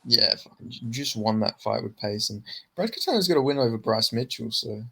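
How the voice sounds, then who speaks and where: Brief: relaxed male co-host, mid-pitched, stumbles and restarts, swears casually. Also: a little fast, vocal fry, noisy background. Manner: stammering restarts, sweary, laid-back. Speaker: podcast co-host. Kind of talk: casual chat about fights.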